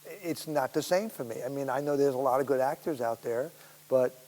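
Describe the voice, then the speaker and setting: A man who is a guest actor, telling rambling, animated anecdotes at a public Q&A, laughing and swearing as he goes. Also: mid-range voice, fairly quick. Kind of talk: storytelling in a public Q&A. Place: school auditorium. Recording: echoey hall with faint hiss.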